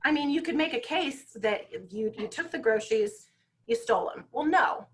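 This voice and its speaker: Woman telling lively stories on a call. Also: a little high, moderate pace. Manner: lively storytelling, frequent "you know" and "right?". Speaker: guest speaker on parenting. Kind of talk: conversational talk.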